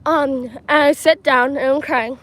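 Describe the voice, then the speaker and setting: A teenage girl chats into her phone while walking outdoors on a livestream, her voice pitched high. She rambles through a story with plenty of "like" and "um". Faint outdoor noise sits underneath. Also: steady tone, unhurried, a bit bright, low-quality recording. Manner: chatty, rambling, full of "like" and "um". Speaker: livestreaming vlogger. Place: outdoors at a school field and playground. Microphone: handheld phone.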